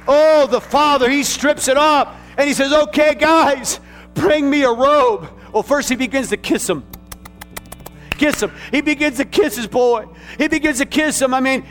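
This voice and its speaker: A man preaching a sermon, emphatic and repetitive, building to shouted peaks. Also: very high voice.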